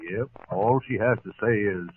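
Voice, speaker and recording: An actor playing a folksy, punning dog doctor. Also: male voice, on the low side, moderate pace, very noisy, natural voice. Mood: joking. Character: joking male dog veterinarian. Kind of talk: 1940s radio acting. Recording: tinny old radio broadcast.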